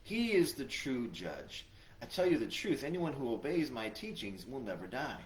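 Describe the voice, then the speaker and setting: Lively, animated man teaching the Bible. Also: medium pitch, normal speed. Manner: conversational, animated, often asks "right?". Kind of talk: Bible study lesson. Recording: echoey room.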